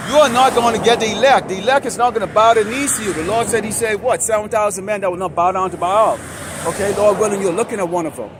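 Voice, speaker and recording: A man's voice: high voice, quick pace. A man street preaching to a camera outdoors, heated, ranting and profane. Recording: outdoor traffic noise.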